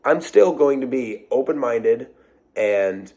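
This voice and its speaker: A man's voice: medium pitch, animated, takes it slowly, mellow, muffled recording. A man giving an off-the-cuff motivational rant to his followers, blunt and profane, hammering phrases over and over. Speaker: social media creator.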